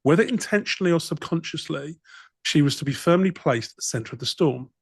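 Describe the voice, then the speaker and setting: A man's voice: fairly high pitch, animated, brisk, vocal fry, husky, no echo. A man co-hosting a comedy podcast, reading passages aloud and breaking off for wry, dry comments. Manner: dry, wry, reads in bursts then riffs. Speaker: podcast co-host. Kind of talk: reading a document aloud with comic asides.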